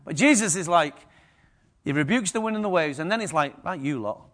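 A man preaching a lively sermon to a congregation, acting out the story's characters. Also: high voice, a little fast.

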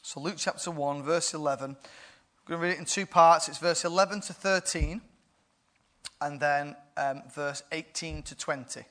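A man preaching a sermon in a playful way, often laughing and building to loud bursts. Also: a little high, steady tone, moderate pace.

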